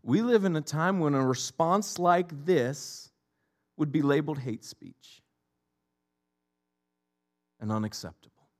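A man's voice: fairly high pitch, takes it slowly, pauses often. A middle-aged man preaching a sermon as a pastor, emphatic and repetitive in his delivery.

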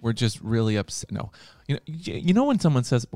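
A man's voice: mid-range voice, big pitch swings, quick pace, a little mellow, no room sound, faint music behind. A man hosting a podcast in casual chat, playful and teasing, rambling with restarts. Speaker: podcast host.

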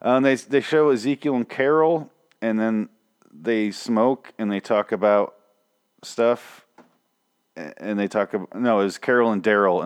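Young male podcast host, low voice gone weak, sarcastic swearing review rant. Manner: profane, sarcastic and exasperated. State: weak, strained voice. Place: home room with dogs. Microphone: desk microphone.

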